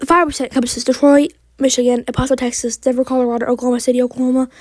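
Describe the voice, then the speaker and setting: A woman's voice: high voice, flat delivery, very fast, dry recording. A woman reading a weather outlook in a rush, stumbling over place names and correcting herself, sounding frustrated. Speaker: amateur weather outlook presenter. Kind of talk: rushed weather forecast reading.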